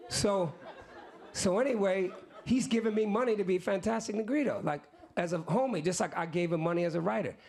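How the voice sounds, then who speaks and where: A man's voice: high voice, brisk, vocal fry. A man in his fifties, a musician, telling a story on stage to an audience in casual, slangy talk, acting out what other people said in the conversations he recounts. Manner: animated, acts out other people's lines in quotes. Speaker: musician guest.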